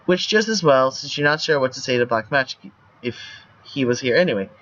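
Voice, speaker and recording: A man's voice: mid-range voice, lively intonation, fairly quick, a bit bright, muffled recording. A man streaming, reading a choice game's text aloud in a playful way with banter. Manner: playful, laughs at the lines.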